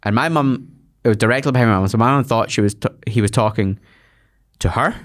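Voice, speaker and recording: A Scottish man, a guest comedian, telling stories in casual chat with lots of quick restarts. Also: mid-range voice. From Scotland. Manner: rambling storyteller with quick restarts.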